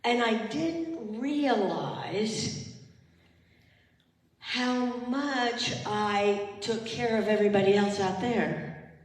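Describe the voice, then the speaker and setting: Older woman minister, slow heartfelt sermon, heard from a distance in a reverberant chapel. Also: fairly high pitch. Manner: emotional, heartfelt, leads the congregation in call and response. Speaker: retired minister. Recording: echoey hall, far from the mic.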